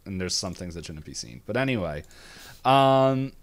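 A man's voice: sits low, very animated. Giggly, rambling man recapping a cartoon. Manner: rambling and giggly, quick bursts of acted quotes. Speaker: podcast co-host. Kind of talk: casual recap chat.

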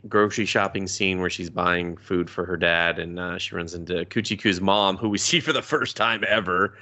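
Sarcastic, low-voiced man swearing freely. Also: moderate pace. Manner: sarcastic, profane, animated. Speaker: podcast host. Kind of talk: casual recap chat.

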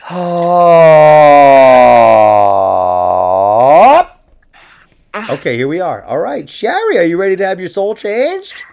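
A man riffs through loose podcast banter, cracking crude jokes and laughing as he goes. His voice is gravelly, and his pitch leaps all over the place. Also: wildly swooping pitch, brisk, few pauses, a little mellow. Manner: joking, profane, laughs often. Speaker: podcast co-host.

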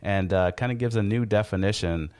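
Deep-voiced man hosting a casual chat. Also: darkish tone, smooth. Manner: measured, with many fillers. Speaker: host. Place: home basement office.

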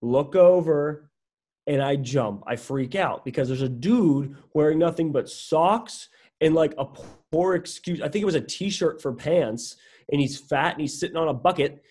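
A young man co-hosting a casual podcast, telling a story in a lively way and acting out what people said. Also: on the high side, unhurried. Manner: animated, swears casually, acts out quotes. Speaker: podcast co-host.

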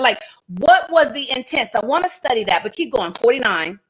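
Bible study host, woman, lively delivery, somewhat high voice, laughs often. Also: a little fast, hardly any pauses, slightly rough, low-quality recording. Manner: animated, laughing, dramatic asides. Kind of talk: casual livestream Bible study teaching.

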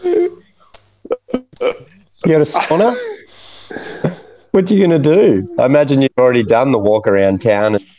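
A man's voice: mid-range voice, very animated, dark tone. A man co-hosting a podcast, chatting casually and laughing often. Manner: slow, amused, laughs often. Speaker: podcast co-host. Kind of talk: casual chat.

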